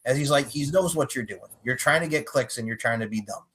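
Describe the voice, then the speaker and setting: A man's voice: medium pitch, fast, fairly bright tone, breathy edge, poor audio. A man co-hosting a podcast, telling stories in a laid-back, casual way. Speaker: podcast co-host.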